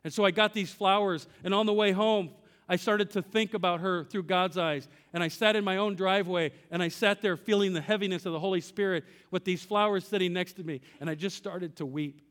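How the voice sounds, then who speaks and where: High-voiced pastor preaching in a hall. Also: male voice, fairly quick, fairly bright tone. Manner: storytelling, quoting God in dialogue; asks the congregation direct questions. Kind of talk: sermon.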